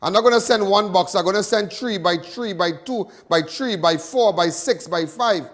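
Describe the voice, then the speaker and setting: Fiery high-voiced Trinidadian man. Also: moderate pace, fairly bright tone. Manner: fiery, repetitive, stammering restarts. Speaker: host of a live crime talk show. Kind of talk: impassioned live monologue.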